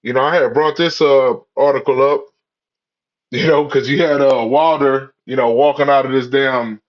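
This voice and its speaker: A man's voice: medium pitch, fairly even intonation, normal speed. A man in a rambling, profane, preachy monologue, full of "you know" and "man" fillers. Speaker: religious commentator. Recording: dull lo-fi audio.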